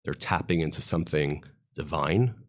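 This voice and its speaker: A rabbi with a very deep, low voice, speaking. He tells stories with fervour, his voice climbing on the points that move him. He is a podcast interview guest. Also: normal speed. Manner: impassioned, storytelling, voice rising on key points.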